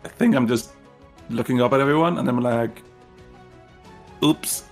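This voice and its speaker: A man at the table of a tabletop game asks question after question in a hesitant, casual way. His voice sits at a middle pitch. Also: a little fast, gravelly, faint music behind. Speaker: player.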